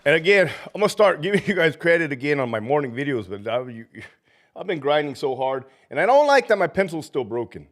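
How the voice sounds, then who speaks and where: A man's voice: a little high, big pitch swings, fast. A man hosting a casual livestream, a former prison officer who is sick and feverish, swearing heavily, ranting and laughing often between greetings to viewers.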